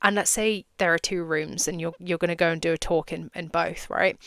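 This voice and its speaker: A young woman talks through her podcast in a loose, chatty monologue, cursing casually and laughing as she acts out little scenes. Her voice sits on the low side and sounds smooth and clear. The recording is close and dry. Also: steady tone, brisk, few pauses, a bit bright, no echo. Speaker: podcast host and business coach.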